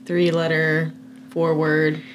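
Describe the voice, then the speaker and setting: A young woman in her twenties speaks as a podcast guest, her voice on the lower side. She tells her story candidly and easily, with casual fillers. A faint noise runs in the background. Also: monotone, slow pace. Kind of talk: casual conversation. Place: home basement podcast room.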